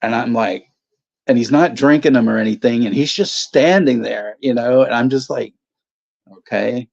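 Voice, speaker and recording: A man co-hosting a casual movie watch-along stream, telling stories in a halting, rambling way full of fillers. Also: mid-range voice, vocal fry, darkish tone. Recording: dull lo-fi stream audio.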